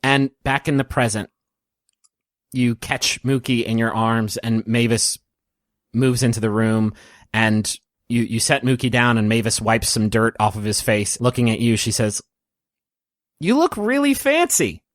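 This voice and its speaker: A man's voice: medium pitch, little pitch movement, unhurried, no room sound. A man narrating a tabletop game as game master, casual and easygoing. He chuckles and restarts often. The recording is dry and close. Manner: casual, with many fillers and chuckles.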